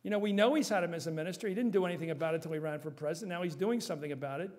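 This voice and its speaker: A man answering audience questions at a forum, emphatic and animated, quick to joke. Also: a little high. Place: university forum hall.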